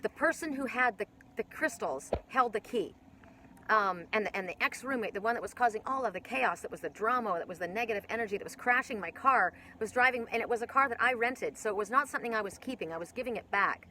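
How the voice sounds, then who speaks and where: A woman's voice: on the high side, animated, quick pace, bright, forceful tone, slight background noise, poor audio. A woman giving a casual spiritual oracle card reading, rambling with many restarts and casual swearing.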